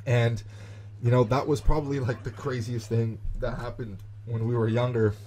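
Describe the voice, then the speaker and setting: A young man narrates a tale over gameplay in a chatty, animated way, leaning on fillers as he goes. His voice is warm and mellow, sitting at an ordinary middle pitch. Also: moderate pace. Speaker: gaming YouTuber. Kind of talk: storytelling commentary over gameplay.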